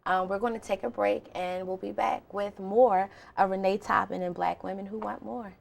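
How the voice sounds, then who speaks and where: A woman's voice: mid-range voice, steady tone, normal speed, creaky, heavy background noise. A woman hosting a TV talk show, interviewing a guest in an upbeat, welcoming way. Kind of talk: TV studio interview.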